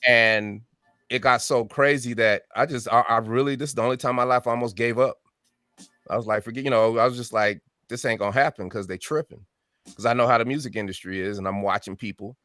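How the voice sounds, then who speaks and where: A man's voice: mid-range voice, quick pace, dry recording, studio quality, soft background music. A man in his fifties telling his story as an interview guest, acting out quoted voices and often adding "right?". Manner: animated storyteller who acts out quoted voices; frequent tag question "right?". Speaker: music artist guest.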